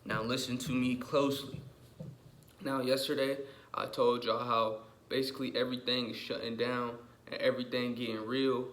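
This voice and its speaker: A young man vlogging just after waking, his voice rough with morning, rambling in slang with restarts and repeated "you feel me?" asides. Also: mid-range voice, flat delivery, moderate pace, fairly bright tone. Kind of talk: casual rambling monologue. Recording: echoey room.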